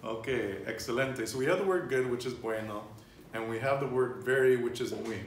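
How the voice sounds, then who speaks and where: There's slight background noise and a roomy home feel with faint ambience as a man in his thirties runs an informal Spanish lesson. At medium pitch and a little fast, he chats loosely, laughs often, and tends to restart or wander.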